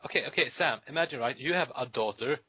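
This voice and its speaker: A man's voice: medium pitch, fast talker, sharp tone, husky, no room sound, muffled recording. A man co-hosting a comedy podcast, joking around loosely with friends. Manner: jokey, puts on silly foreign voices. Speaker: podcast co-host. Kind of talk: casual comedic banter.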